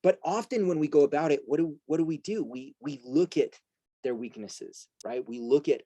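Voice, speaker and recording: A middle-aged man acting as coach and host delivers an earnest motivational talk to an audience, full of rhetorical questions and repeated "right?" asides. His slightly high, mellow voice moves at a moderate pace, captured dry but with poor audio quality.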